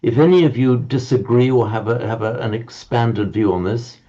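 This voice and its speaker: A man teaching a Sanskrit class online, explaining slowly and often repeating words as he searches for them. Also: mid-range voice, warm tone, highs cut off.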